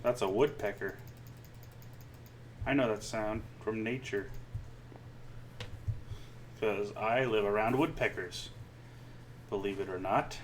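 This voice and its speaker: A man's voice: on the low side, slow, long pauses, a little hiss or hum, low-quality recording. A man giving casual gameplay commentary, musing aloud to himself with dry little asides.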